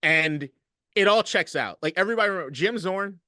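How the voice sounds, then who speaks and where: A man co-hosting a casual sports podcast, telling stories in a profane, animated way. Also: high-pitched, fairly quick, dry recording, clean studio sound. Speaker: podcast co-host.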